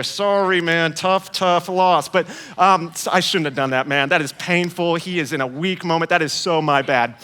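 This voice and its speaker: A man's voice: high voice, pushed and bright. A man preaching a sermon as a guest speaker, in a conversational, playful way, acting out quoted voices.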